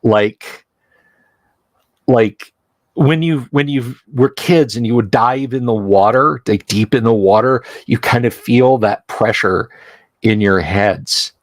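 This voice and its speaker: A man narrating a tabletop horror game as game master, speaking with many pauses and fillers. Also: medium pitch, no echo. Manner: hesitant, many fillers and restarts.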